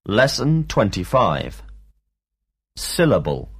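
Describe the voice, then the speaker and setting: A man teaching a scripted drill lesson, speaking slowly and pronouncing each word with care. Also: lowish voice, sing-song, fairly bright tone, husky. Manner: slow, deliberate, enunciating each word. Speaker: language teacher.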